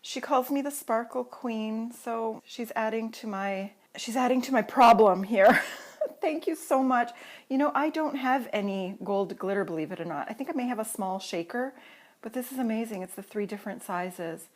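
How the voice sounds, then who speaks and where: Woman, from Canada, vlogger, excitable, gushing, casual chat, camera on a tripod. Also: fairly high pitch, normal speed.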